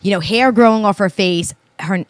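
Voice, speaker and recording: A woman's voice: medium pitch, normal speed, no room sound. A woman in her thirties co-hosting a casual chat, talking emphatically and earnestly with some swearing. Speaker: podcast co-host.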